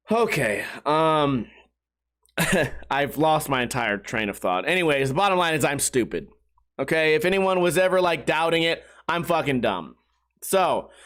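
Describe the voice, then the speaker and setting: A man's voice: a little high, fairly bright tone. A young adult man hosting a casual solo podcast, rambling and swearing with self-mocking humor. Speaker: podcast host.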